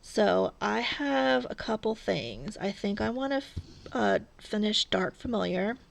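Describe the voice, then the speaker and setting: A woman's voice: medium pitch, lively intonation, a little slow, creaky. A woman vlogging casually as she cross-stitches, rambling and chatty, often laughing at herself. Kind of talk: casual stitch-along chat.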